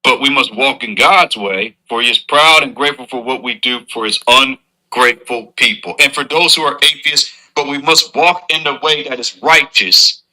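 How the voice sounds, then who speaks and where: A man's voice: mid-range voice, moderate pace, pushed and bright, rough recording. A man delivering an earnest, moralizing advice monologue to his audience as a streamer.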